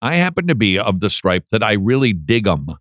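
Playful podcast host, dry studio sound. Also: male voice, lowish voice, brisk, dry recording. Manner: animated, mocking flat monotone readings. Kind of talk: casual chat.

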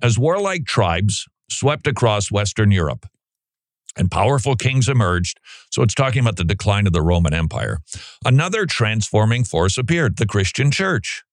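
A man's voice: fairly low pitch, big pitch swings, normal speed, no room sound, studio quality. A man reading curriculum passages aloud and breaking in with sarcastic, incredulous asides. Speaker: commentator.

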